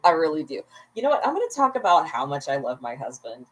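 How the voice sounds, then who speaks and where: A woman's voice: low voice, very animated, quick pace, breathy edge, poor audio. A tipsy woman at home at bedtime, hosting a casual livestream where she rambles, laughs often and makes chatty asides to her viewers. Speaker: vlogger, livestream host.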